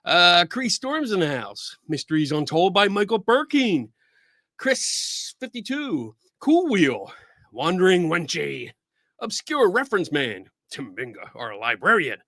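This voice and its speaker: A man hosting a laid-back livestream, bubbly and chatty as he runs through the names in the chat. His bright voice leaps up and down in pitch, and the sound is dry and close, with no room echo. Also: a little slow. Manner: excitable, laughing, greeting chat viewers by name. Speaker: podcast host.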